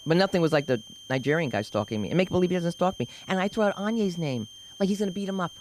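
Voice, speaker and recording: A woman's voice: lowish voice, animated, rapid-fire, a little mellow, a little hiss or hum, poor audio. A woman co-hosting a comedy open mic on stage, rambling playfully and riffing on names before bringing up the next comic. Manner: rambling, playful, sing-song name riffs. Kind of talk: stand-up emcee banter.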